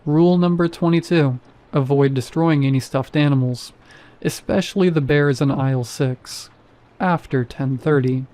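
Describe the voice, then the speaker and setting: A man voicing an apathetic male night security guard who speaks in a flat, bored monotone. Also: fairly high pitch, moderate pace, lightly acted. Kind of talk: horror story narration.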